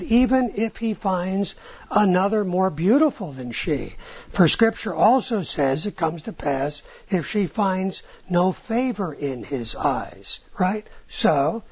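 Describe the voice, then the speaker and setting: A woman leads a class on rabbinic texts, frequently tossing in "right?" and "okay?" and raising rhetorical questions. Her mid-range voice carries a breathy edge, and the recording sounds dull and lo-fi.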